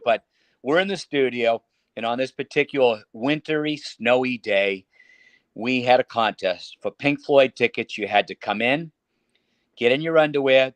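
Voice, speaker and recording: A man with a Boston accent, a radio entertainer telling prank-call stories as a guest in a casual interview, animated and quick to slip into voices. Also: mid-range voice, no echo. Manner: animated anecdote teller who slips into put-on voices.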